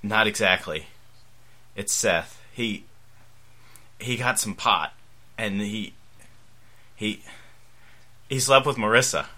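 A man's voice: lowish voice, slow, pauses often, bright, forceful tone, voice pushed down. A man reading fan fiction aloud and voicing a flustered teenage boy. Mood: anxious. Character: teen boy Ryan, panicky and earnest.

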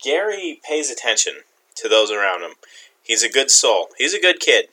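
Chill guy explaining stuff to friends, wry, mid pitch. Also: big pitch swings, moderate pace, pushed and bright. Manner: laid-back, explaining, wry. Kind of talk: casual chat.

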